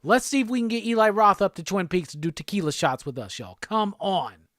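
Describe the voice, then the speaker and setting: A laid-back man hosts a casual live stream and reads out viewer comments between easy laughs. His voice sits fairly high for a man. The sound is close and dry, with no room around it. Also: animated, a bit bright, dry recording. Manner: laid-back, chatty, quick laughs, reads chat aloud. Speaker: host of a live pop culture show.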